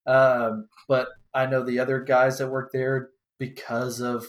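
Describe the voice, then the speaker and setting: A young man talks in a loose, rambling way, acting out the lines of the people in his story and swearing freely. His voice sits at a middling pitch for a man. The recording carries a roomy echo. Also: flat delivery, unhurried. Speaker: podcast co-host. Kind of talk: casual chat. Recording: echoey room.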